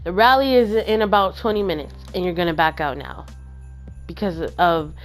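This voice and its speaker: A woman's voice: on the low side, moderate pace, soft background music, close to an everyday voice. A woman voicing her insistent, encouraging female teacher, who pleads and persuades in a retold story. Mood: urging.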